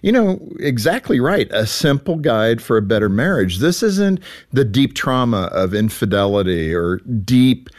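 A man's voice: medium pitch, very animated, moderate pace, hardly any pauses. A man hosting an interview, chatting casually and acting out little everyday scenes with a joking tone. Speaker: radio show host.

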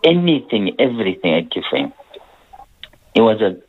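A man's voice: lowish voice, big pitch swings, normal speed, breathy edge. A man, speaking earnestly in a rambling reflective talk. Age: 40s. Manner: earnest, rambling, frequent "you know". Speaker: guest speaker. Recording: dull lo-fi radio sound.

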